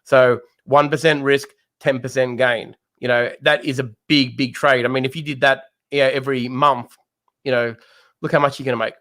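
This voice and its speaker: A man's voice: medium pitch, level tone, normal speed, fairly bright tone. A man co-hosting a live trading show, explaining trading ideas and speaking directly to viewers. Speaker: co-host and trading mentor. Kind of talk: live market analysis chat.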